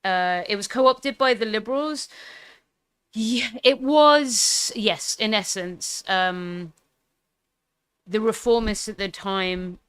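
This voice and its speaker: Woman reaction commentator, casual and rambling, smooth clear voice, mid pitch. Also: takes it slowly, a bit bright, dry recording. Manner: rambling, fillers, swearing, laughs easily. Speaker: political commentary streamer.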